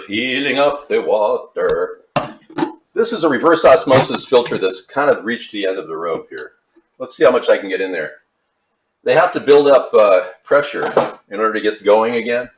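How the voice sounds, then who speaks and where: A man's voice: mid-range voice, slight background noise. A man from Hollywood, California, hosting a cooking livestream and rambling in conspiratorial asides to his chat. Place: home kitchen. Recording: echoey kitchen with faint clatter.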